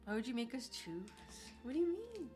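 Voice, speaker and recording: A woman hosting a casual livestream from her desk at home, talking in a gushing, excitable, slangy way. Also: fairly high pitch, fairly quick, soft background music. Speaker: livestream host.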